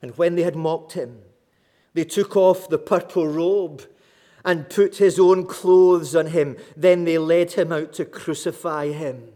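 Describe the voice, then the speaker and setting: A male preacher with a notably high voice delivers his sermon slowly and deliberately. He builds his points dramatically and leans on repeated phrases for emphasis. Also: fairly even intonation, dark tone.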